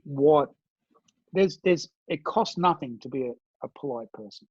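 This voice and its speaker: Husky Australian man telling war stories. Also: unhurried, dry recording, lo-fi sound. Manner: animated storyteller, slips into high mock-friendly voices when quoting. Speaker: interviewee, former special forces soldier. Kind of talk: casual storytelling interview.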